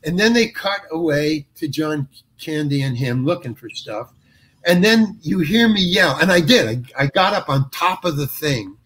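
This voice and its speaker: A man's voice: fairly high pitch, lively intonation, normal speed, a bit bright, breathy edge. An older man, an actor guest, tells stories in an interview. He stops and restarts often and chuckles as he goes. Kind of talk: anecdotal interview storytelling.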